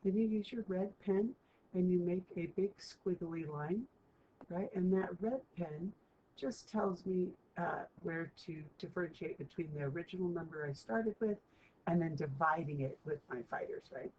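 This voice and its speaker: A woman teacher with a lowish, darkish voice at normal speed walks her students through math. She chats freely and keeps asking "right?" to check in, and the recording is muffled and lo-fi with a faint hiss.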